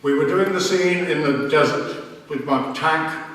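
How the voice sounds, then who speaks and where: A man's voice: a little high, a little slow, a bit bright. An older man telling anecdotes on a convention panel, hesitant with many ums and self-deprecating humor. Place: large convention hall. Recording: echoey hall from far off.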